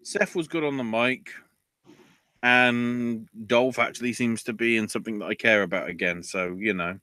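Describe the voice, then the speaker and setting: Bright-voiced man in a casual podcast rant. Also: no echo. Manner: ranting, swears, voice jumps high when riled. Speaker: podcast host.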